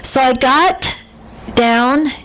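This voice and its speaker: Woman preaching, unhurried storytelling, humorous, laughs often, noisy background. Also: high voice, fairly bright tone. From Buffalo, New York. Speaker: speaker at a church service. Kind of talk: sermon with personal story. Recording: noticeable background noise.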